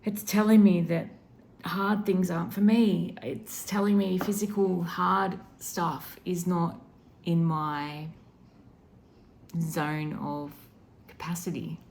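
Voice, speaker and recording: A woman intuitive healer speaking in a soft, reflective and emotional way about her spiritual practice. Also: lowish voice, fairly even intonation, takes it slowly, vocal fry, a little hiss or hum.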